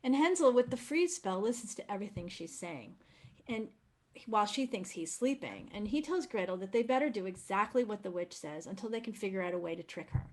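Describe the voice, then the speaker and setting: A woman's voice: mid-range voice, animated, a little fast. A woman presenting opera program notes in an effusive, enthusiastic manner.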